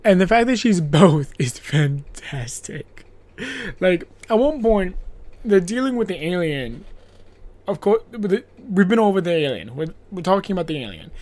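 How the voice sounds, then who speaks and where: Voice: medium pitch, darkish tone. A podcast host in a casual horror movie review chat, rambling and self-interrupting, laughing often and swearing casually.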